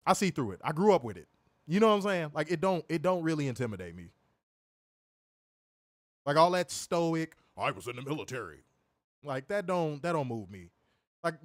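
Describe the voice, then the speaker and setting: Profane, animated male stream co-host. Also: on the high side, no room sound, clean studio sound. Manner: profane, animated, laughs often; reads viewer super chats aloud. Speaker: wrestling show co-host. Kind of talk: casual live-stream chat.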